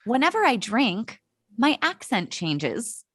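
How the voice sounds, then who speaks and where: An American woman in her late thirties, co-hosting a podcast and telling stories in an animated, profane, laughing way. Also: a little high, slow, husky, dry recording, clean studio sound. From United States. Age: late 30s. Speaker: podcast co-host. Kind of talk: casual storytelling chat.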